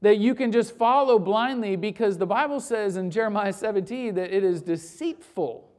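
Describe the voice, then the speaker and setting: Man, pastor, sermon, emphatic, rhetorical questions, repeated phrases, loud and hushed in turns. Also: moderate pace. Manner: swings from loud urgent peaks to low quiet lines.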